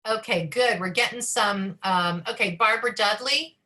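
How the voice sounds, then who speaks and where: A woman rabbi teaches a group over a video call, racing along in a chatty way full of asides and fillers. Her voice is clear and bright, and her pitch sits in the middle of the usual range for a woman. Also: normal speed. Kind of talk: leading an online study session.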